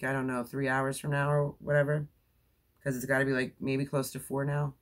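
A woman in her forties chatting casually as a crochet vlogger, rambling with many fillers and laughs, tired from staying up all night. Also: rumbling low. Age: 40s. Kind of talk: casual chat.

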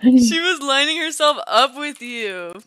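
A woman's voice: high voice, lively intonation, unhurried, fairly bright tone, no room sound. A young woman hosting a casual gaming session, teasing her friend and laughing often. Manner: giggly, teasing, bursts of laughter. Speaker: gamer and channel host.

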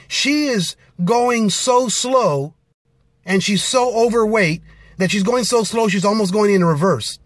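A man's voice: high voice, dry recording. A middle-aged man, out of breath after a workout, talking bluntly and energetically from his car into a phone on a live stream, with lots of fillers. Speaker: motivational business speaker. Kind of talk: casual live-stream talk.

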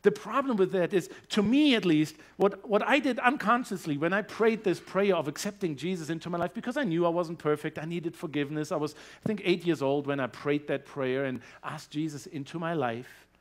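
A man with a German accent giving a personal testimony in a church service, earnest and growing animated as his story builds. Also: a little high, fairly quick, hardly any pauses. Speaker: guest speaker sharing his testimony.

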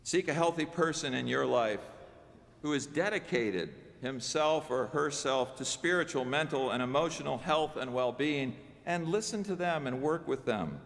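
Male pastor, sermon, chatty asides to the pews, gravelly, long church echo. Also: a little high, lively intonation, normal speed, a bit bright. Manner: conversational preaching with asides to the congregation. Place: church sanctuary.

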